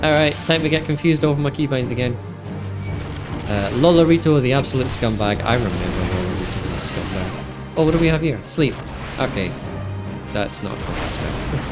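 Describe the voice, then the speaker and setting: An upbeat man chats casually while playing a video game on stream, often laughing and poking fun at himself. His voice sits at a middle pitch and comes through a desk microphone. Game music plays clearly behind him. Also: lively intonation, moderate pace. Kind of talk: casual gameplay commentary.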